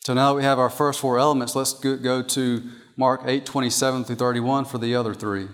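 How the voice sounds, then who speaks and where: A man's voice: medium pitch, level tone, brisk. A man preaching a sermon from an outline, emphatic and repeating his key points. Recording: long hall reverb.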